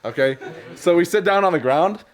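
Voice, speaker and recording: A man's voice: high-pitched, expressive, normal speed. A man telling a comic dream story at a live poetry night, rambling with lots of fillers and laughing as he goes. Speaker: open mic storyteller.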